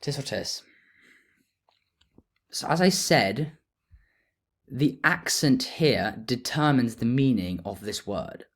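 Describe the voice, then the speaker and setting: A man explaining grammar in a relaxed lesson, thinking aloud as he writes notes. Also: medium pitch, slow. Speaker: teacher.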